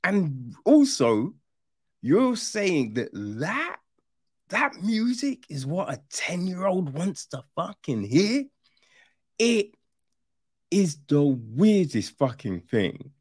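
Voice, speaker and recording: A man's voice: high-pitched, sing-song, slow pace, breathy edge, dry recording, studio quality. A man giving a casual, rambling spoken review, sarcastic and incredulous, swearing freely and checking in with "right?" as he goes. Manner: rambling with restarts and frequent "right?". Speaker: film reviewer.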